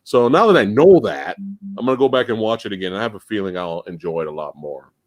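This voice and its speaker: Lively guy hosting a movie podcast, acts out scenes, no room sound. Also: lowish voice, fast talker, no echo. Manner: animated storyteller, acts out scenes, swears. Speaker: podcast host. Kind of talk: casual movie chat.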